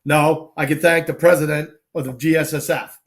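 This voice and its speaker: A man's voice: a little high, normal speed. A man from Boston hosting a casual talk show, telling stories with a lot of slang and acting out the dialogue. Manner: animated, acts out quoted dialogue, salty slang. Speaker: show host. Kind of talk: casual storytelling chat.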